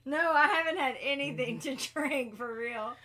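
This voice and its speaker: A woman's voice: sits high, moderate pace, pushed and bright. A woman co-hosting a casual live stream, teasing her partner and laughing often. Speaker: co-host of a homestead live stream. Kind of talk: casual chat.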